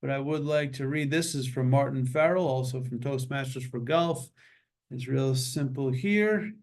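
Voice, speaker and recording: A man hosting a memorial meeting over a video call, with an average pitch. His talk is loose and easygoing, with jokes and small detours as he invites others to speak. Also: normal speed. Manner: relaxed, joking, meandering. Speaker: meeting host. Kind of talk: casual memorial meeting chat.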